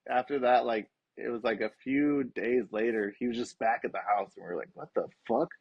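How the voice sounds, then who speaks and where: A man's voice: mid-range voice, fairly even intonation, brisk, gravelly, breathy edge, dry recording. A young adult man, a podcast guest, telling a personal story in casual, profane talk and acting out the voices of the people in it. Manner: swears freely, acts out quoted voices. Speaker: podcast guest, skateboarding coach. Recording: dull, lo-fi sound.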